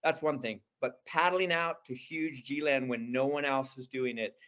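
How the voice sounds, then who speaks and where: A man's voice: mid-range voice, steady tone, a little slow, a bit bright, muffled recording. A man in his sixties, an interview guest telling stories in an enthusiastic, rambling way. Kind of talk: casual storytelling.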